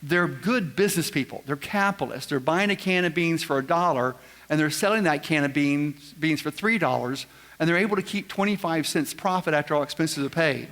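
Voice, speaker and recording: Man at a live seminar, fairly high-pitched, quizzes the crowd with folksy jokes, long reverb of a big room. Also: brisk, a bit bright. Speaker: seminar speaker. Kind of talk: live seminar talk to an audience. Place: large event room with audience.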